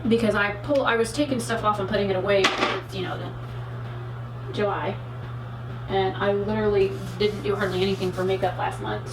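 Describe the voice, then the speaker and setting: A woman's voice: mid-range voice, background noise. A woman vlogger talking casually while she does her makeup, rambling through frank asides. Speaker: beauty vlogger. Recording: roomy echo, speaking from a distance to the mic.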